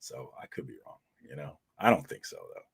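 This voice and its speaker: A man's voice: a bass voice, very animated, a little fast, vocal fry, slightly rough. A man hosting a casual livestream, talking bluntly and with lots of swearing as he recounts an argument to his viewers. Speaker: host of a comic community livestream.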